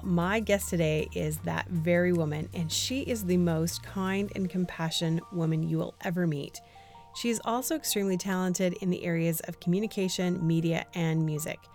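A woman's voice: lowish voice, darkish tone. A woman hosting a podcast, an enthusiastic and affirming life coach interviewing a guest in a conversational way. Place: Toronto.

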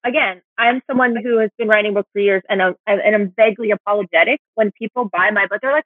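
A woman author chatting as a guest, animated and rambling, with a self-deprecating streak. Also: on the high side, fast, few pauses, no room sound. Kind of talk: casual chat. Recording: dry tinny phone line.

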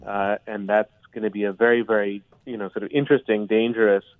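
A man's voice: lowish voice, little pitch movement, quick pace, dry recording. A man, a history professor, giving analysis in a radio interview with a thoughtful, hedging way of talking. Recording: tinny dry phone line.

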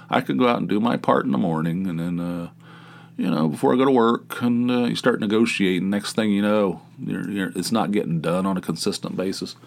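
A man's voice: lowish voice, vocal fry. A middle-aged man talking casually on his own podcast, rambling and wryly grumbling, often breaking off and restarting. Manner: rambling, self-interrupting, wry grumbling. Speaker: podcast host. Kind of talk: casual solo monologue.

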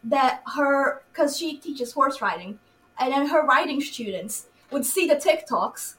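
A woman actress chatting in an interview, excitable and laughing as she retells stories and acts out quotes. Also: high-pitched, a little slow, poor audio. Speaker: actress in the film. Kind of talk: casual interview chat.

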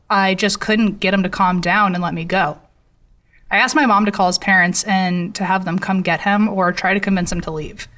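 A woman narrating a true horror story in a measured, somber way. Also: medium pitch, fairly bright tone, far from the mic.

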